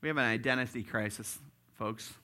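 Bright-voiced pastor preaching emphatically. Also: male voice, mid-range voice, brisk. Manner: rising to loud emphatic peaks; direct, addresses congregation as folks. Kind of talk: sermon.

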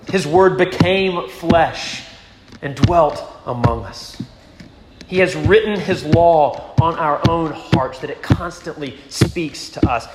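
A pastor preaching a sermon to his congregation, earnest, moving between strong emphasis and hushed rhetorical questions. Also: fairly high pitch. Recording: echoey hall with background noise.

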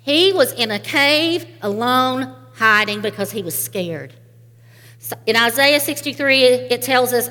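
A woman's voice: fairly high pitch, lively intonation, measured pace, sharp tone, long reverb tail. A woman from Eastern Kentucky with a local accent, giving a sermon in a folksy storytelling way and laughing often. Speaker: speaker.

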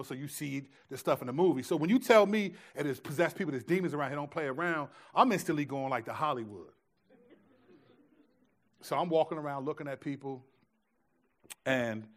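A pastor delivers a sermon, telling a story in a lively, casual style full of restarts and slang. His voice is fairly high-pitched.

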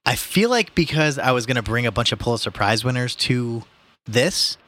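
A man chatting casually with friends and reading a novel aloud, animated and jokey. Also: medium pitch, moderate pace. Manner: animated, jokey, breaks into laughter. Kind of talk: casual chat and book reading.

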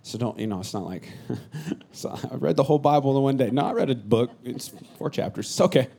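A middle-aged man from the Bay Area preaching a sermon as pastor, animated and joking with his congregation. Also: mid-range voice, a little fast, creaky, a little hiss or hum. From San Francisco Bay Area. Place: church hall with a congregation.

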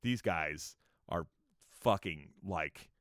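A man's voice: low-pitched, very slow, a bit bright, no room sound, studio quality. A man hosting a podcast, ranting angrily with constant swearing and mocking whiny imitations of people he dislikes. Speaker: podcast host. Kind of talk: profane casual podcast rant.

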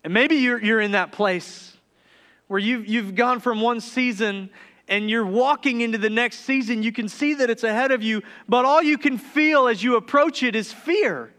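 A man in his thirties preaching a sermon, telling funny, confessional stories that turn quiet and tender. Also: very high voice, normal speed. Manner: humorous, confessional storytelling that turns quiet and tender. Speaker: pastor.

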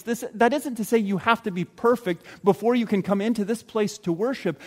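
A man with a high, light voice preaches a sermon in a church. He stays earnest and conversational and sometimes slips into the voices of ordinary people. A long reverb hangs behind each phrase. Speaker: pastor. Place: church sanctuary.

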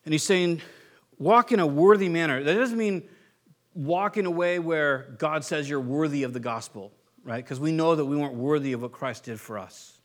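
A California pastor preaches a sermon conversationally and with jokes, sometimes acting out the voices of people in his stories. His voice is on the high side, at a normal speed.

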